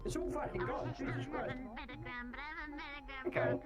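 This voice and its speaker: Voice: high-pitched, a little slow, over music. A streamer chatting in a roleplay, playful and emphatic, swearing casually.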